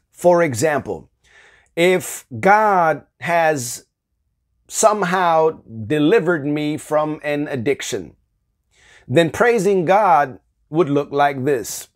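Man teaching a lively devotional. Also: on the high side. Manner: animated, acts out everyday dialogue with light laughter. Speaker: Bible teacher.

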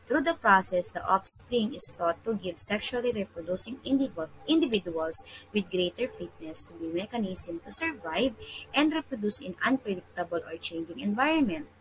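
A woman with a Filipino accent reading a science lesson aloud as a teacher, steady and measured, with occasional restarts. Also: medium pitch, a little hiss or hum, poor audio.

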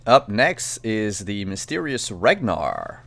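A man hosting a tabletop game stream over a video call, taking his time with each word. His pitch rises and falls a lot as he talks. He sounds easygoing, filling his pauses with small ums. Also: big pitch swings, gravelly, a bit bright. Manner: easygoing, unhurried with fillers. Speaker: game master.

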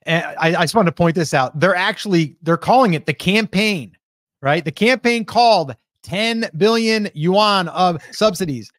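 A man's voice: high voice, lively intonation, moderate pace, a bit bright, dry recording, studio quality. A man co-hosting a casual discussion, thinking aloud with hesitations and restarts. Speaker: podcast co-host.

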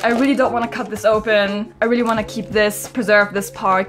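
A young woman vlogging a casual unboxing at home, excitable and chatty, quick to laugh and to squeal in frustration. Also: mid-range voice, faint music behind. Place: at home, washing machine running.

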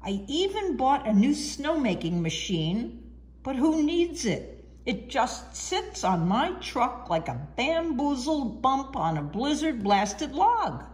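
A woman's voice: sits high, big pitch swings, takes it slowly, a little mellow, voice pushed up, full character voice. A woman voicing a blustery, folksy man ski resort owner in a storybook reading. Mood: gruff.

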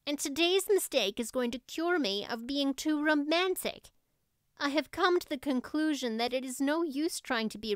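A woman voicing a spirited, imaginative teenage girl who speaks in an earnest, expressive way. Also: fairly high pitch, clean tone, dry recording, clean studio sound.

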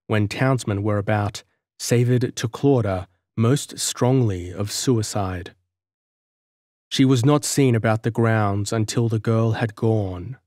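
An audiobook narrator reads scripted narration in a measured, even storytelling style. His voice is on the low side, and the studio recording is clean with no echo.

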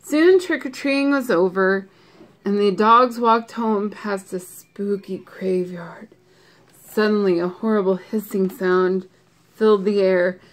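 A woman reading a children's picture book aloud, gentle and expressive with playful asides to young listeners. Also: medium pitch, takes it slowly. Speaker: storybook reader.

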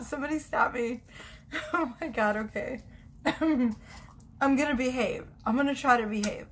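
Slow-talking giggly woman reading tarot. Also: fairly high pitch, fairly bright tone, slight background noise. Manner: giggly, chatty, self-interrupting. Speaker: tarot reader. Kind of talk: casual tarot reading vlog. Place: home.

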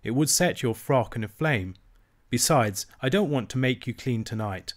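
A man voicing a gentle, wise, ageless fairy grandmother in a storybook reading, speaking tenderly and reassuringly. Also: mid-range voice, expressive, moderate pace, close to an everyday voice.

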